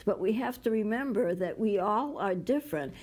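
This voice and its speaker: A woman's voice: mid-range voice, lively intonation, moderate pace, a little mellow, poor audio. A woman hosting a community TV talk show, explaining ideas with everyday examples and stopping now and then to cough. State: coughing at times. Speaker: show host.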